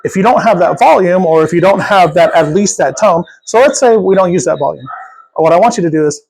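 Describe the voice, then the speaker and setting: Upbeat dog trainer giving live coaching to a client, encouraging, keeps checking in, mid-range pitch. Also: brisk, gravelly, a little mellow, slight background noise, poor audio. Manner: encouraging, repeats checking questions.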